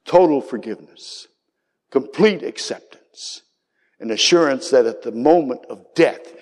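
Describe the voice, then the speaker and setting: Slow, impassioned male preacher in a reverberant hall. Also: medium pitch, lively intonation, a little mellow. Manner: impassioned, rising to cries on quoted words. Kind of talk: sermon.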